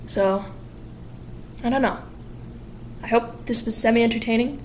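A woman's voice: medium pitch, slight background noise. Chatty woman recapping a plot. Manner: chatty, full of "like" and quick voices. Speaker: channel host. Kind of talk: casual plot summary vlog.

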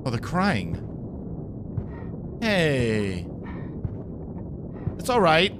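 A man's voice: a little high, wildly swooping pitch, extremely slow, heavy background noise. A man giving nervous, joking commentary while playing a horror game, jumpy and easily startled. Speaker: gaming streamer.

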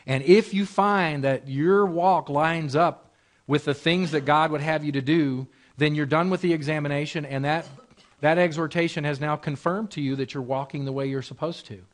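A man's voice: on the high side, steady tone, normal speed. A married man preaching as pastor in a conversational way, repeating phrases and asking rhetorical questions. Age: adult, married. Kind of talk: sermon in a Bible class.

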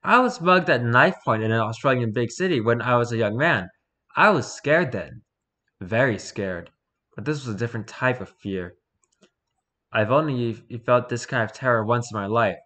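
A man reads a first-person ghost story aloud in an unpolished, conversational way, often restarting and correcting his words. His voice is bright and forceful, sitting in an ordinary middle pitch. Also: normal speed. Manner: relaxed, unpolished reading with restarts and self-corrections. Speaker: story reader. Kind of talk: casual reading of spooky stories.

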